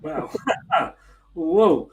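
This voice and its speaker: A man's voice: extremely slow, a little mellow, highs cut off. Chatty man hosting football show. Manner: chatty, laughing, frequent fillers. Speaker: host. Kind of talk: casual football chat.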